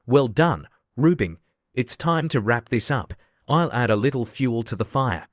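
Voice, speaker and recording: A brash, scheming young man who likes to stir things up, as a male narrator reads his lines. The voice is mid-pitched. The recording is dry and close. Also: expressive, unhurried, no room sound, natural voice.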